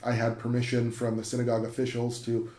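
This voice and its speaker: A man in an interview, an enthusiastic professor spinning a long story, his words tumbling out with ums and restarts. His voice sits at an ordinary middle pitch. It rings in an echoey room. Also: completely flat delivery, fast, noisy background. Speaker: university professor. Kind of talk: interview conversation.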